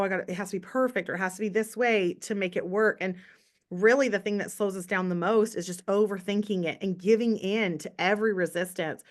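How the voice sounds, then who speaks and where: A woman's voice: medium pitch, a bit bright. Chatty motivational woman telling her story. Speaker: direct sales team leader. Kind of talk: casual chat on a team call.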